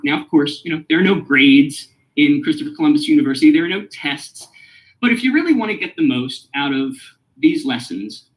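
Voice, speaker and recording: A man giving a lecture on a radio show. He stresses key phrases and spells out and repeats details slowly. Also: a bit bright, low-quality recording. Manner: emphatic, rises high on stressed phrases. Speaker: lecturer hosting a radio lesson series.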